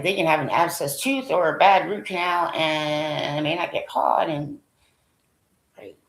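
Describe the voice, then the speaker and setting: Low-voiced woman rambling in an echoey room. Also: a little hiss or hum. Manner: thinking aloud, rambling, trailing off with frequent fillers; drops to a whisper when reading lists. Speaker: vlogger. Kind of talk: casual commentary while browsing a website.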